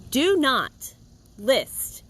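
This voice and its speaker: A woman who grooms dogs for a living, giving her blunt opinions straight to the viewer in a casual monologue, emphatic and animated. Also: sits high, extremely slow, husky, rough recording. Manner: animated, mocks complaints in a put-on voice. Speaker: dog groomer and video host.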